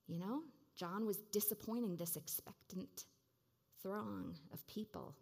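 A woman's voice: mid-range voice, a little mellow. A woman preaching a sermon in a conversational, reflective way, with many casual fillers.

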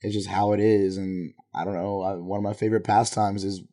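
A young man from the Bay Area, talking in an easy, laid-back way full of slang. His voice sits fairly low and has a dark, mellow tone. It is a casual podcast conversation. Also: little pitch movement, brisk. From Bay Area, California.

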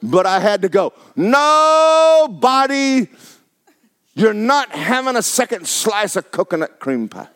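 A man preaching, his fairly high voice swooping up and down as he hammers phrases home. He sounds middle-aged, folksy and emphatic from the pulpit. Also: very animated, normal speed, hardly any pauses, a bit bright. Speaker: pastor. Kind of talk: sermon.

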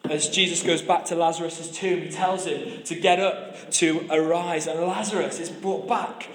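A man's voice: fairly high pitch, fairly even intonation, moderate pace, few pauses, reverberant. A man preaching a sermon, telling stories with humor and often restarting his phrases. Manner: storytelling with humor and repeated restarts.

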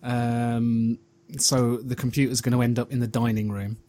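Middle aged dad on a podcast, stop-start, kinda wry, average voice. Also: male voice, medium pitch, little pitch movement, normal speed, mellow, a little hiss or hum. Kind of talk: casual chat.

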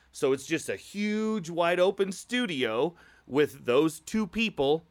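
A man from Iowa telling a work story casually, animated and swearing, his voice jumping high when he retells his outburst. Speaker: improv show performer telling a story.

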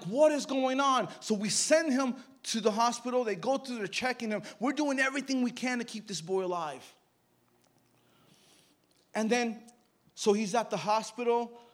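Middle-aged male preacher, high voice, storytelling sermon, hushed to loud emphatic swings.

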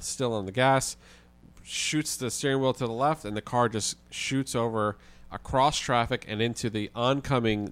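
A man, a guest on a podcast, telling a story in a casual, animated way with the odd swear word. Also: fairly low pitch, clear, resonant tone. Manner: animated, vivid retelling with occasional swearing.

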